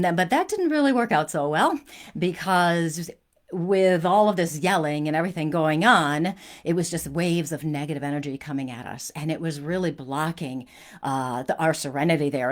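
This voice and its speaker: A woman hosting a spiritual talk, telling a personal story in an earnest, conversational way with frequent restarts. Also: low voice.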